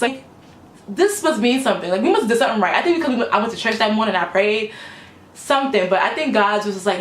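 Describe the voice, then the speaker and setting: A young woman casually telling a story time to her camera, animated and full of "like" and "you know". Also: mid-range voice, fast talker, echoey room. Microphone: camera mic.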